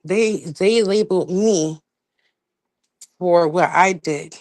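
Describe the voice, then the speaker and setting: A woman hosting a livestream in a casual rant, profane and emphatic, dropping to low mutters and rising to loud outbursts. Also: takes it slowly, no room sound. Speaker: livestream host.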